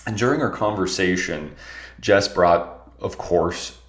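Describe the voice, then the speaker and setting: Young man, podcast host, deep low voice, congested nasal tone, earnest reflective talk, echoey room. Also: a little slow. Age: young adult.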